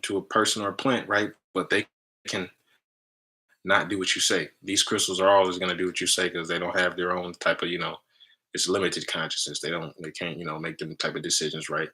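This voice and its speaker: A man with a very low voice teaches on a casual live stream. His delivery is forceful and punchy, with a tense edge. He speaks in loose fragments and keeps checking in with "right?". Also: rough recording. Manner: talks in loose fragments, tags lines with "right?"; energetic, emphatic. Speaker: spiritual healer hosting a live stream.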